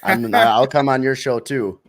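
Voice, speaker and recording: Relaxed rambling male podcast guest. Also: medium pitch, measured pace, no room sound, studio quality. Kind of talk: casual interview chat.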